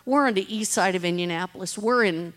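A woman's voice: mid-range voice, a little fast, a bit bright. A middle-aged woman, giving an earnest personal testimony about her street ministry, telling stories and acting out what people said. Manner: earnest, storytelling with quoted voices.

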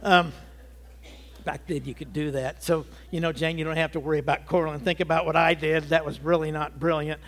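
High-voiced man in his sixties preaching. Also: steady tone, fairly quick, fairly bright tone. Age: 60s. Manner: earnest testimony, swelling emphatic peaks. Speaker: pastor. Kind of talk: sermon.

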